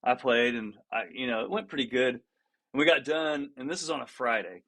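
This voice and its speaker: A guest musician on a podcast tells stories in casual talk, laughing often, restarting his sentences, and acting out what others said as a lively storyteller. His voice is mid-range and his pace moderate.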